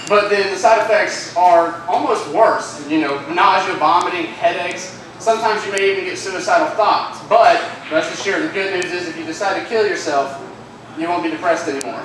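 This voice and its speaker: A young man from southern Georgia, voice high and fairly bright at normal speed, does a self-deprecating open mic stand-up set on a comedy club stage, flustered after losing his lines. The recording is noisy and echoey, from a far-off mic.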